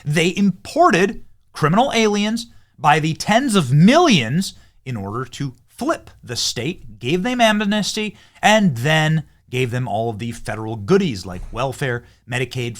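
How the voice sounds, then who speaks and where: A man hosting political commentary over clips, heated and emphatic, swinging between loud and low. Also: big pitch swings, measured pace. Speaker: political commentary channel host.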